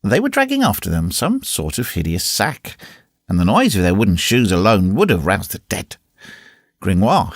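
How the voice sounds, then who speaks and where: A man reading a classic novel aloud as an audiobook narrator, in an expressive, varied reading. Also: fairly low pitch, dry recording, clean studio sound. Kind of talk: scripted narration.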